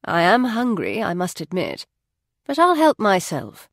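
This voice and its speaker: A woman voicing a calm, loyal male confidant who speaks in a soft, measured, reassuring way in an audiobook. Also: mid-range voice, no room sound, clean studio sound.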